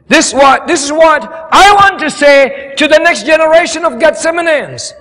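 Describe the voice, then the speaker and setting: An older male pastor delivers a sermon in a strikingly high voice for a man. He shifts from relaxed remarks to fervent, rousing exhortation. A long reverb from a large hall trails each phrase. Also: normal speed, hardly any pauses. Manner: preaching, rising to fervent exhortation. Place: church camp meeting hall.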